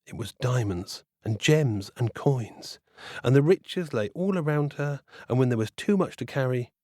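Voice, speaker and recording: A man tells a fairy tale for children with playful, expressive delivery. His pitch swings widely from line to line. The recording is close and dry, with no room sound. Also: no echo. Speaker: storyteller. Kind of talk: storytelling for children.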